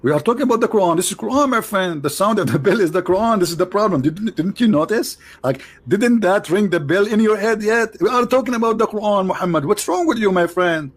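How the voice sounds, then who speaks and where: A man's voice: expressive, quick pace, hardly any pauses. Teasing man hosting a heated call-in debate. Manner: teasing, repetitive, jumps between loud and low. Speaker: show host debating a caller. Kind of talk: mocking debate chat.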